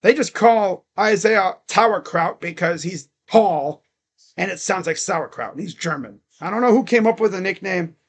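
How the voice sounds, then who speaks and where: A man doing casual live play-by-play and reaction on a stream, rambling between plays and getting louder and quicker when the action picks up. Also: high voice, expressive. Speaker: livestream sports commentator.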